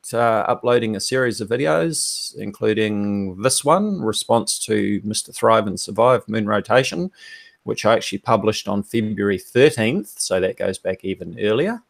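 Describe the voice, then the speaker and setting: Gravelly low-voiced man presenting. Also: no echo. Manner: measured, hesitant with many ums. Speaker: guest presenter. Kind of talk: walking through videos on a shared screen.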